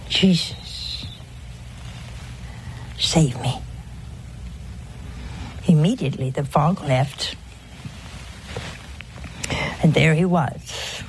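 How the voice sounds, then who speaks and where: A woman speaking in an unhurried, measured way, her voice sitting a little low. She talks earnestly and with emphasis, at times dropping to a hushed voice. A faint hiss of noise lies under her speech. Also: gravelly. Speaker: religious broadcaster. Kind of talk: informal spiritual talk with a story.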